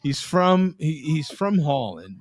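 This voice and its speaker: A man hosts a casual live web show over a video call. His voice sits a little high and moves up and down a lot, and he talks at an unhurried pace. The sound is dry and close. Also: dry recording. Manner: animated, explains things to viewers. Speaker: host.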